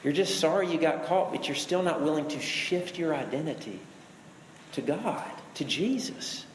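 Earnest preacher in an echoing hall. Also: male voice, fairly high pitch, expressive, moderate pace, noisy background. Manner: earnest, direct address to listeners, varied emphasis. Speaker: pastor. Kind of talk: sermon. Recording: echoey hall with long reverb.

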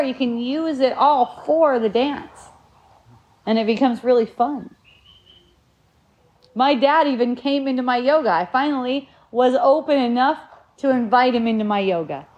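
Woman with a slightly high voice musing. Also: a little mellow, dull audio. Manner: rambling and reflective, with many restarts. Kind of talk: casual spiritual talk.

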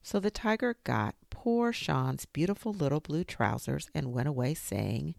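A woman reading a children's story aloud in an expressive, lilting way. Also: sits low, moderate pace, creaky, hardly any pauses, dry recording, studio quality.

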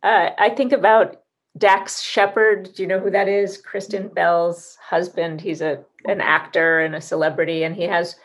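A woman co-hosting a podcast, chatty and animated as she tells a story. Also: lowish voice, normal speed. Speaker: podcast co-host. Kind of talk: casual conversation.

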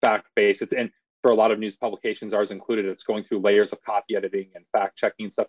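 Low-voiced man on dull lo-fi audio. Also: darkish tone, no echo. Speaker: guest journalist. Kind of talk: casual interview.

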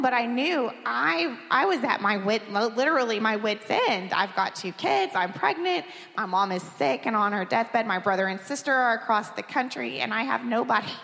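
A woman's voice: a little high, creaky, a bit bright. Woman pastor telling a personal story. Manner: candid, emotional storytelling with light laughs. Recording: long hall reverb.

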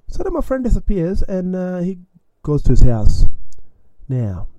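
Young male podcast storyteller from Australia, very dark tone, lively and self-mocking, dry recording. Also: medium pitch, moderate pace, dry recording. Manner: animated, self-mocking, acts out his own panic; repeats lines and ends phrases with "man". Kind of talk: casual spoken storytelling.

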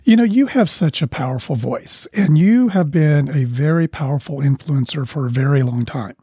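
A man conducts an interview in a fairly high, husky voice with a mellow, dark tone. He asks measured, probing questions. The recording is dry and close. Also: animated, no room sound. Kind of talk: interview conversation.

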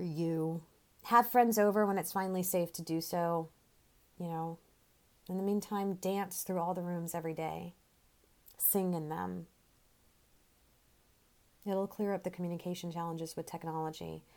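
A woman performing a theatrical monologue, telling a story in a conversational, animated way with casual swearing. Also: on the low side.

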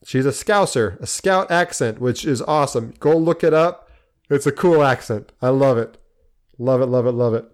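A man's voice: medium pitch, normal speed. A man co-hosting a casual podcast, sharing movie trivia with enthusiasm and frequent laughter. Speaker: podcast co-host.

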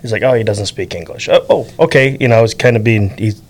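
A man's voice: lowish voice, fast. A man hosting a community podcast, telling a story casually and acting out the quoted lines. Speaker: podcast host. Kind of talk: casual chat.

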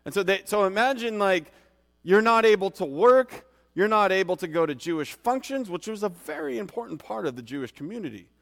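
A man's voice: high voice, animated, a little fast, creaky, fairly bright tone. Man, preacher, informal sermon, rambling, conversational, long reverb. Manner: conversational, rambling with many restarts and fillers.

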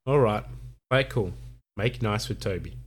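A man's voice: fairly low pitch, normal speed. A man hosting a casual chat about a TV episode. He rambles with fillers and laughs often. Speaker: podcast host recapping a TV episode.

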